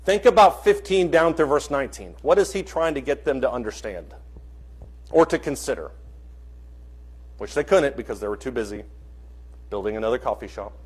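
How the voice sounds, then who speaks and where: A man with a husky, slightly rough voice teaches a church Bible class, posing questions to the room and calling on people to answer. His delivery is conversational and mid-pitched. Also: lively intonation, normal speed, long pauses. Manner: asks the class questions and calls on students.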